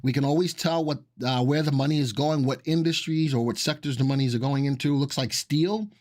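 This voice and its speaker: A man's voice: medium pitch, steady tone, a little fast, a little mellow, no echo, clean studio sound. A man hosting a live market stream in a chatty, upbeat way, with many fillers. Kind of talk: casual live stream talk.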